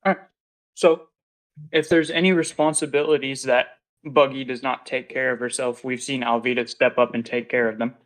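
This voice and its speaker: A man's voice: mid-range voice, moderate pace, rough recording. A man co-hosting a casual podcast, rambling loosely as he argues his take between bites of food. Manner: relaxed, rambling, arguing his case while eating. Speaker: co-host. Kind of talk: casual chat.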